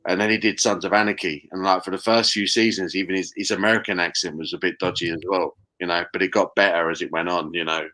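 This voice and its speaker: A man, chatting casually on a live stream, animated and quick to laugh. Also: low voice. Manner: animated, laughs often, British slang. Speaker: guest. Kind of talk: casual chat.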